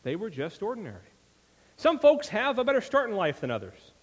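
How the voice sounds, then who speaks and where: A man's voice: high-pitched, wildly swooping pitch, brisk, slightly rough. A man preaching a sermon in a conversational way, often checking in with his listeners. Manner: conversational, frequent "right?" asides. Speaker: pastor. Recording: long reverb of a large hall.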